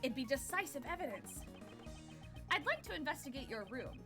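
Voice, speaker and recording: A woman's voice: high-pitched, sing-song, normal speed, over music, voice pushed up. A woman reading as a composed male prosecutor. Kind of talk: game dialogue read aloud.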